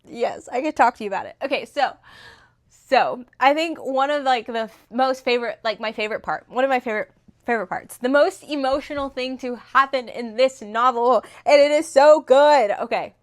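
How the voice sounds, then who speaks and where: At normal speed and sitting high, a young woman's voice chats loosely about a novel, recounting its plot with frequent fillers and restarts. She's a book reviewer, and the clip was captured on a phone.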